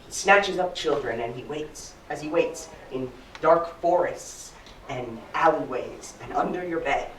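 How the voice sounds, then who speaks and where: A man voicing a patient mother who quietly warns her son to go to sleep, heard from far off in an echoing room. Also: on the high side, a little slow, slight background noise. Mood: hushed. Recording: roomy hall, mic from far off.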